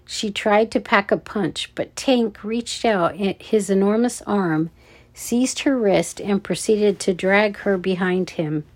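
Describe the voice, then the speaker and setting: Slow, measured woman narrator. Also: medium pitch, darkish tone. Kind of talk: audiobook narration.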